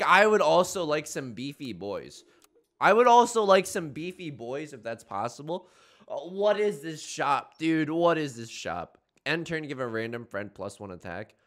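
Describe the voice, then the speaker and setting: A man giving casual, jokey commentary while playing a game, with sudden loud outbursts. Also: a little high. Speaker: gaming YouTuber.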